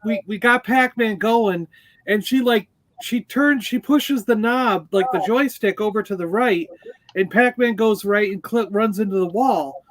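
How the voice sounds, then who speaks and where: A man's voice: high voice, measured pace, low-quality recording. A man in his fifties hosting a livestream video chat, telling stories and laughing often. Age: 50s. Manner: chatty storyteller, laughs often. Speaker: livestream host. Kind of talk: casual group video chat.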